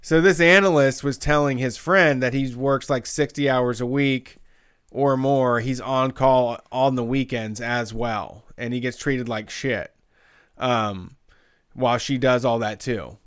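A man co-hosting a casual chat show, talking emphatically and fast with many fillers. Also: mid-range voice, fairly bright tone, smooth. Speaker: podcast co-host.

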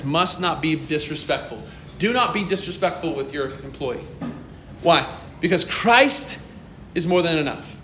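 Man pastor, storytelling sermon, bright lively voice, echoey hall, faint hiss. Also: on the high side. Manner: storytelling, acts out dialogue, laughs often.

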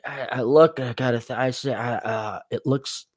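A man's voice: medium pitch, moderate pace, husky, dry recording, clean studio sound. A man hosting a podcast, ranting in a casual, comedic way and swearing often as he tells stories. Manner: profane, animated storytelling with quoted voices. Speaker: podcast host.

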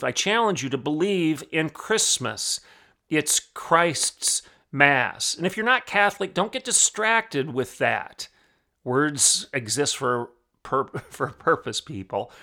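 A man's voice: fairly high pitch, vocal fry, pushed and bright. A man hosting a podcast, preaching in emphatic, repetitive declarations. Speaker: podcast host.

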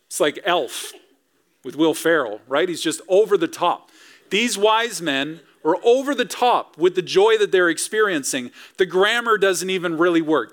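A man's voice: fairly high pitch, expressive, normal speed, fairly bright tone. A man in his thirties preaching a sermon as pastor, conversational and often putting rhetorical questions to the congregation. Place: church sanctuary.

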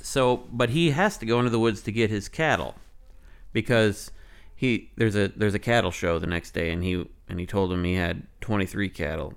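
Male podcast host spinning a story off the cuff, low, smooth voice. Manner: rambling, halting with restarts. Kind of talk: improvised storytelling.

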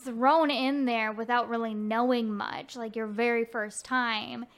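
A young woman chatting casually about video games, relaxed and full of fillers. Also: on the high side, a little slow. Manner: relaxed, filler-heavy, drawn out.

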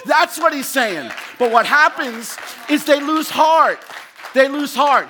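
A male pastor preaching a sermon with passion, swinging from loud shouted lines to low, quiet asides. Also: lively intonation, a little slow.

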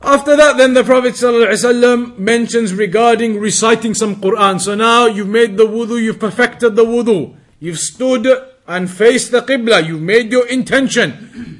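A man teaching a religious lesson, reading Arabic text quickly and then explaining it slowly, drawing out words to demonstrate pronunciation. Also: extremely high pitch, fairly bright tone. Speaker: Islamic teacher.

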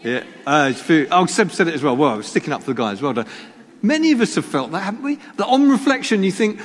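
A pastor preaches fast in a fairly high, sing-song voice, with a little hiss or hum on the recording. In the reverberant church hall, he jokes at his own expense and asks his congregation rhetorical questions.

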